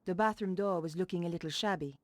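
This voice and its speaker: A woman's voice: on the low side, fast talker, dry recording, natural voice. An actress voicing a female journalist heroine, narrating her thoughts in a dry, matter-of-fact way. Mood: calm.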